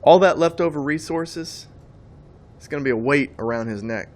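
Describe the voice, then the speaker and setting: A man's voice: on the high side, moderate pace, slight background noise. A man giving a preaching monologue on faith, emphatic and rambling, often repeating his words as he goes. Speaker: Christian speaker.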